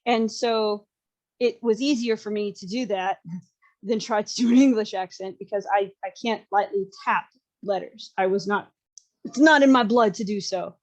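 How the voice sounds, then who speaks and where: A woman's voice: mid-range voice, normal speed. A woman with a Southern American accent, hosting a podcast in casual, opinionated chat and laughing often. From Southern United States. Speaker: podcast host.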